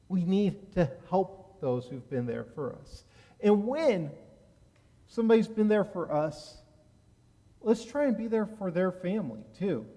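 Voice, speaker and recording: A man giving a sermon as a rabbi, telling a personal story in an animated way that rises loud at key moments. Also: high voice. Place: synagogue sanctuary. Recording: long reverb of a large hall.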